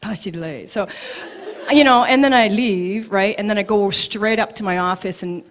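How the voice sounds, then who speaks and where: A middle-aged woman telling personal stories at a live event, animated and acting out both sides of her conversations. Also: medium pitch, normal speed, a faint crowd. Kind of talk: live storytelling talk. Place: event venue, audience present.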